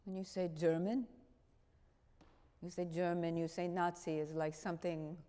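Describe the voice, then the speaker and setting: A woman playing a grave, gentle older man who speaks slowly and patiently to a friend, with the long reverb of a church hall. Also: fairly low pitch, little pitch movement, smooth, pitched below the performer's own voice, close to an everyday voice. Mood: gentle, earnest. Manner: slow, patient, quietly insistent.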